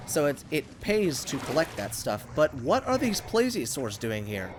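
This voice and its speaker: A young man casually commenting on his gameplay for viewers, excitable and rambling, talking to the creatures he meets. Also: fairly high pitch, moderate pace, a little hiss or hum. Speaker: gaming channel host. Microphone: USB condenser microphone.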